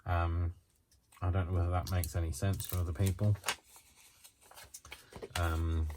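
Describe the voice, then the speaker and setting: A man's voice: low voice, flat delivery, unhurried, background noise. A man chatting casually to the camera while he crafts, rambling and hesitant with lots of ums and restarts, and yawning now and then. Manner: yawns often while talking. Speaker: craft vlogger.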